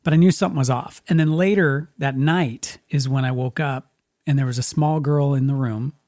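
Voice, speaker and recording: A man's voice: mid-range voice, fairly even intonation, moderate pace, a little mellow, no echo, clean studio sound. A middle-aged man from Spokane hosting a podcast, telling stories in a rambling casual way with lots of restarts. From Spokane, USA. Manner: rambling, frequent restarts, acts out quotes. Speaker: podcast host. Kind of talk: casual storytelling chat.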